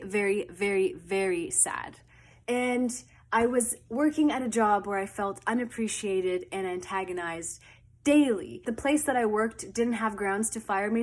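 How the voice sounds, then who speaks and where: A woman vlogger telling a story in a casual, animated, dramatic way. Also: medium pitch.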